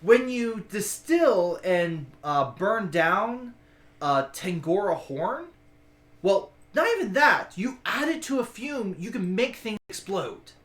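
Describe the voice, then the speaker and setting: A man voicing an eccentric woman alchemist who talks in a quick, excitable, curious way, in an echoey room. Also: sits high, voice pushed up, full character voice. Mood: fascinated. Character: eccentric female alchemist fascinated by explosives.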